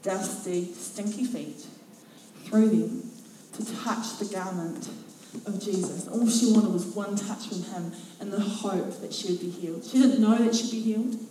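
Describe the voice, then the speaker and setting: A woman preaching a sermon in a church, telling Bible stories with lively, expressive delivery and acting out the lines. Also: mid-range voice, unhurried, slight background noise. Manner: expressive storytelling, acts out quotes. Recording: very echoey church from a distance.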